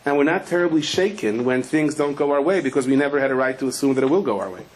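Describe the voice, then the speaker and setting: Male rabbi, animated storyteller, mid pitch, faint background noise. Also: fast. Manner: animated storyteller, acts out voices, shouts in quotes. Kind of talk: Torah lecture with stories. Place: attic room.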